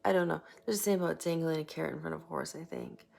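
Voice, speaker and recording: A woman with a low, heavily gravelly voice gives a rambling, chatty tarot reading. She drifts into soft whispers now and then. A faint hiss sits behind her voice. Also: fast. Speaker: tarot reader. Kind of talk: casual tarot reading monologue.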